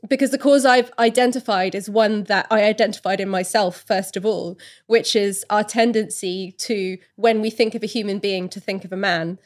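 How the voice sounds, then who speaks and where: A woman writer as an interview guest, explaining in a thoughtful, explanatory way and sometimes correcting herself mid-sentence. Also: on the high side. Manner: thoughtful, explanatory, with occasional self-correcting restarts. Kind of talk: podcast interview.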